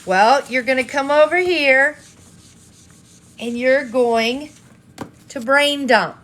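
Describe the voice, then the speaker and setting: High bright-voiced woman coaching viewers. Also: slow. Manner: repetitive, rhetorical questions to viewers. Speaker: online business coach. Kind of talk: live-stream coaching talk.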